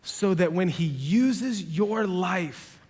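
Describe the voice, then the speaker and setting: A man preaching a sermon, telling dialogue in conversational voices and building to loud, emphatic peaks. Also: sits high, lively intonation, drawn-out words, breathy edge. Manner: quotes dialogue in conversational voices, self-described sarcastic. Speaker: pastor. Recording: long hall reverb.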